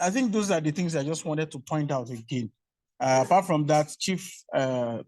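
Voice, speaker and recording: A man's voice: a little high, a little mellow, dry recording. A man, a senior doctor, giving hesitant but corrective feedback in an online teaching session. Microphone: video call.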